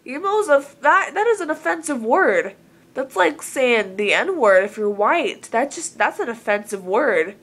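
A woman's voice: high voice, animated, measured pace, a bit bright. A woman from Southern Oregon talking casually to camera in an earnest, rambling way, full of filler words. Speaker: vlogger.

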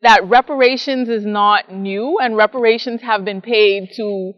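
A woman from the Bahamas, a psychologist and professor, giving measured explanatory answers in an interview and often ending a point with a tag question. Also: mid-range voice, big-room sound, muffled recording.

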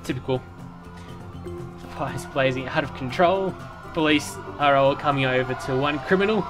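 A man's voice: medium pitch, moderate pace, over music. A man giving casual, rambling commentary while playing a city-building game, with lots of fillers and restarts. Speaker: let's play commentator.

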